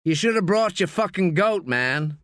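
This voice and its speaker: A man voicing a wild old American war veteran with a deep, treacly drawl and an American accent. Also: lively intonation, normal speed, a bit bright, no room sound, clean studio sound. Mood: gruff.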